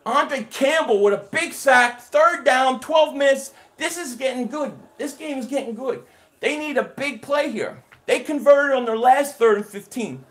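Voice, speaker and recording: Host, man, higher voice, energetic play-by-play on a live stream, chats with his viewers. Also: unhurried. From Philadelphia area. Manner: excited play-by-play calling, reading and answering chat. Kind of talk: live game reaction stream.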